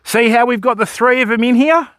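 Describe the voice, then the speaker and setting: An Australian man livestreaming from a riverbank outdoors, giving excitable commentary and calling his viewers fam and mate. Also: extremely high pitch, brisk, clean tone, no room sound, studio quality. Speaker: fishing livestreamer. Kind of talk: live commentary to stream chat.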